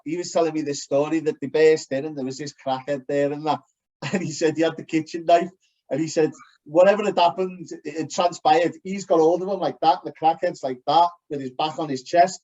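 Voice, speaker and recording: A man's voice: on the high side, steady tone, a little fast, mellow. A man with a Liverpool accent, co-hosting a podcast in casual chat and telling blunt, sweary stories. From Liverpool, England. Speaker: podcast co-host. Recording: dull lo-fi sound.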